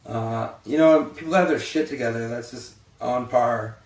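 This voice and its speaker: Speaking at normal speed with a medium-pitched voice, this young male vlogger sounds tired, yawning as he rambles bluntly with plenty of fillers and swearing. The mic is distant and the room echoes.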